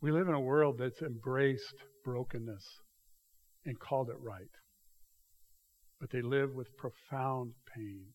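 Pastor preaching with dramatic volume swings. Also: male voice, medium pitch, measured pace, pauses often. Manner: dramatic shifts between loud acted quotes and hushed asides. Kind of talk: sermon. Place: church.

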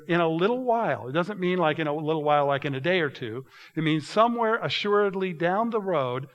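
A man preaching a sermon to a congregation, reading scripture aloud, calling them "you guys", and swinging between quiet, drawn-out asides and loud, emphatic passages. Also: medium pitch. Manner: addresses the congregation directly, often saying "you guys". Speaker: pastor.

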